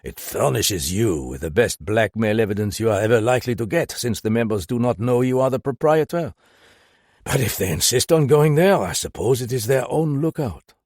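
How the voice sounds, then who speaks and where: A man's voice: mid-range voice, expressive, normal speed, darkish tone, no room sound, clean studio sound. A man voicing a shrewd police magistrate in an audiobook, probing and pointed. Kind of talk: audiobook character voice.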